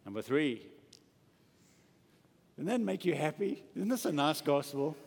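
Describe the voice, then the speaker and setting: Male preacher, emphatic and lively, somewhat high voice, long hall echo. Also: measured pace, gravelly. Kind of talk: sermon. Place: church hall with an audience.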